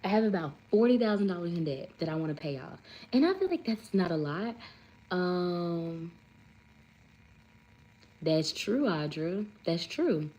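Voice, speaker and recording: A woman's voice: fairly low pitch, expressive, measured pace, pauses often, darkish tone, poor audio. A woman, hosting a casual livestream chat, rambling and saying "like" often. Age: 30s. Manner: chatty, rambling, says "like" often; reads viewer comments aloud. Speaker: livestream host.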